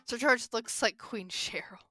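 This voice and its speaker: Bright, chatty young woman streamer. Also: on the high side, a little slow, dry recording, studio quality. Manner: chatty, giggly, reads game dialogue aloud. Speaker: game streamer. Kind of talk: casual let's-play commentary.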